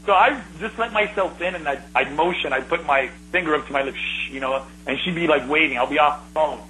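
Middle-aged man, fairly high bright voice, animated rambling storyteller, faint background hiss. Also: quick pace, rough recording. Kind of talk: casual reminiscing conversation.

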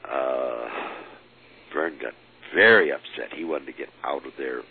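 A man with a very deep, gravelly voice recounts a personal story for an interviewer. He talks haltingly, with fillers and restarts and the odd chuckle. The recording is thin and phone-like, with a light hiss.

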